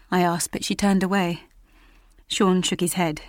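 A woman narrating an audiobook in the first person, measured, dropping to a hush in tense passages. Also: lowish voice, little pitch movement, no room sound, clean studio sound.

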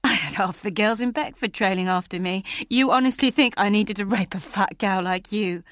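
A woman's voice: medium pitch, moderate pace, a bit bright, no room sound, studio quality, close to an everyday voice. An audiobook narrator, a woman, voicing a crude, mocking middle-aged man. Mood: sneering. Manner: mocking, leering.

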